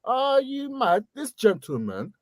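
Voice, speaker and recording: A young man with a London accent, co-hosting a football podcast and mocking players in slangy, animated banter. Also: very high voice, a little slow, a crowd in the background. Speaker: podcast co-host.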